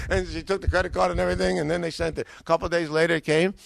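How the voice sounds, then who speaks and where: An older man telling his own life story in a lively way, acting out the dialogue and often restarting his sentences. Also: on the high side, racing, gravelly, hardly any pauses. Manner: acts out quoted dialogue, excitable, restarts often. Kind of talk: animated personal storytelling.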